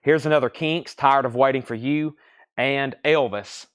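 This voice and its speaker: A man hosting a live online record sale. He briskly lists titles and prices and repeats them as he goes. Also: medium pitch, fairly even intonation, clean tone. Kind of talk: live online sales stream.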